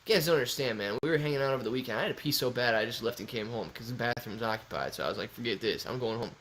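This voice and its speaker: A man's voice: medium pitch, very fast, a bit bright, slight background noise. A young man hosting a casual livestream, joking around and reading viewer comments aloud. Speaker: livestream host.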